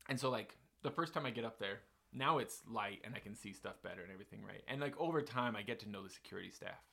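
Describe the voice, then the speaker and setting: Man, podcast host, loose animated storyteller, trips over his words. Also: on the low side, fast, gravelly. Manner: rambling, animated, many fillers and restarts. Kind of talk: casual storytelling chat.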